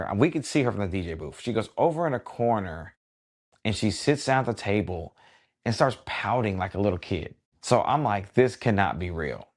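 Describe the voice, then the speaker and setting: A middle-aged man, a wedding DJ hosting a podcast, telling a story in a relaxed conversational way with lots of asides. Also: low voice. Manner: relaxed and conversational, many "you know" asides.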